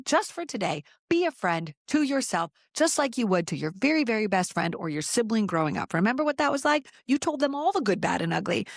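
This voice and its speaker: A woman's voice: on the high side, no room sound. Encouraging woman podcast host, dry sound. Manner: encouraging, conversational, talks straight to listeners. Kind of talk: motivational podcast monologue.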